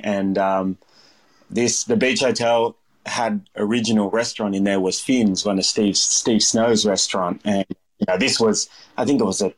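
An Australian man in his thirties tells a long story in an interview, rambling and full of fillers. His voice sits a little low. He slips into other people's voices now and then as he goes. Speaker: chef, interview guest. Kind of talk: casual storytelling.

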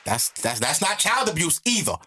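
A man's voice: fairly high pitch, moderate pace, over a noisy crowd, very noisy. A young man co-hosting a podcast, chatting casually and acting out the lines of people in his stories. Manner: animated storyteller who acts out quotes. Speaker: podcast co-host. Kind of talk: casual chat.

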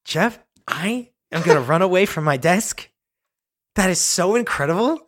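Lively, laughing man riffing with a friend. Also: moderate pace. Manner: animated, laughing, bursts into silly high whoops. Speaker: podcast co-host. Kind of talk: casual comedic chat.

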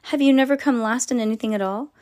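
A woman's voice: on the high side, fast talker, pitched above the performer's own voice, close to an everyday voice. A woman voicing a playful, teasing female class teacher in a storybook reading. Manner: teasing, calm.

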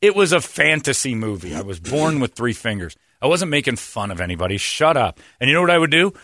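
A man hosting casual studio banter, an animated storyteller who swings his pitch around. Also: a little fast, dry recording. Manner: animated storyteller, jumpy pitch, mock voices.

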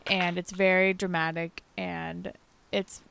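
A young woman co-hosting a podcast, telling the story of a TV episode in an animated way and acting out the characters. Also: fairly low pitch, slow, creaky, a little hiss or hum. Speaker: podcast co-host. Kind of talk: casual chat recapping a TV episode.

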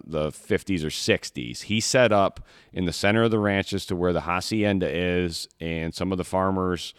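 Low-voiced, smooth-toned man from Michigan. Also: fairly bright tone, no room sound, clean studio sound. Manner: rambling, repeats words, many restarts. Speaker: podcast co-host, hunter. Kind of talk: casual storytelling chat.

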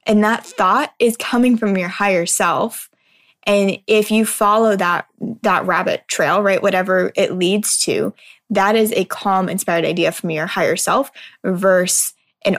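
A woman's voice: medium pitch, fairly even intonation, a little slow, fairly bright tone. Earnest woman giving a casual motivational talk. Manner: earnest, conversational, often checks in with "right?".

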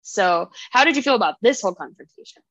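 A woman's voice: medium pitch, quick pace, no room sound. Chatty woman retelling a plot. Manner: animated retelling with many "like"s. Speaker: podcast co-host. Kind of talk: casual book club chat.

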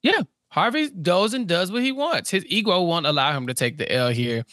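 A woman's voice: on the low side, expressive, normal speed, fairly bright tone, no echo, clean studio sound. A woman co-hosting a podcast, chatting casually as she recaps a show and acts out characters in exaggerated voices. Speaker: podcast co-host. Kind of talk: casual episode recap chat.

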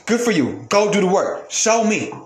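A man with a high voice delivers a heated, profane monologue as a podcast host. He hammers his points by repeating phrases and sounds openly angry. The room around him has a noticeable echo. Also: big pitch swings, moderate pace.

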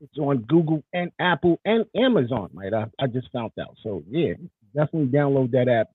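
A man's voice: mid-range voice, big pitch swings, brisk, slightly rough, no room sound. A man co-hosting a podcast in casual chat, hyping the show and pushing promos upbeat. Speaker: podcast co-host. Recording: tinny phone-like line.

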